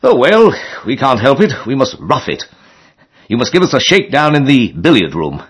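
A man doing Harris, an excitable, fussy gentleman. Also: on the low side, normal speed, slightly rough, exaggerated voice.

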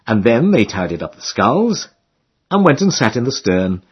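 A man's voice: mid-range voice, very animated, normal speed, husky, muffled recording. A man reading a comic novel aloud in a wry storytelling manner. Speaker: audiobook narrator. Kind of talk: scripted narration of a comic novel.

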